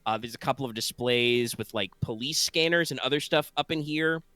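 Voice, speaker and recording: Man, game master, bright crisp voice, dry sound, drowsy, rambling with fillers. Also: mid-range voice, a little fast, no echo. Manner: rambling, full of fillers and restarts. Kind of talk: narrating a tabletop game. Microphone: online voice call.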